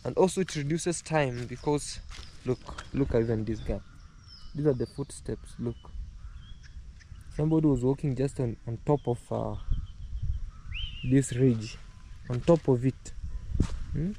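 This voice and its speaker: A man's voice: mid-range voice, unhurried, long pauses, mellow, slight background noise. A man vlogging outdoors as he walks his home farm, talking in a loose, rambling way with many fillers and repeated phrases. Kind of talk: casual walk-and-talk vlog.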